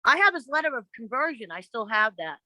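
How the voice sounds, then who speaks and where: A woman gives a podcast interview, her high voice crisp and bright. She tells her stories bluntly and with plenty of swearing, slipping into the voices of the people she quotes. The recording is dry and close. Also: a little fast, no room sound, poor audio. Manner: blunt, profane and animated, acting out the voices of others in her stories. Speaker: interview guest. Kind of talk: casual interview storytelling.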